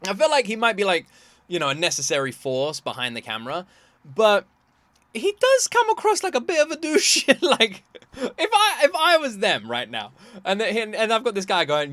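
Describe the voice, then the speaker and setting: A young man chats through a reaction video, laughing and swearing freely. His voice is bright and lively, rising and falling a lot. The sound is close and dry. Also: high voice, brisk, dry recording. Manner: animated, laughing often, swearing. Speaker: reaction channel host. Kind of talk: casual reaction commentary.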